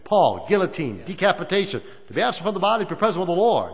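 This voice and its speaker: A man's voice: high voice, big pitch swings, very fast, gravelly, faint music behind. A man preaching a sermon to a church congregation, in a folksy, rambling way that circles back on its phrases. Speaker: Baptist preacher. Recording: long reverb of a church hall.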